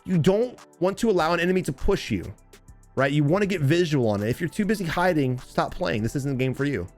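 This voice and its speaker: A man coaching viewers over game footage, deliberately dramatic and emphatic, talking straight to his audience. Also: on the high side, animated, soft background music. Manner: addresses viewers and chat directly. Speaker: gaming coach commentator. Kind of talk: gameplay commentary and tips.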